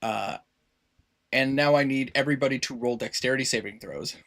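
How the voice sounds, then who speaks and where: A man running a tabletop game as game master, narrating the scene in an animated way. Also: medium pitch, fairly quick. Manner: animated, lively narration with put-on townsfolk voices.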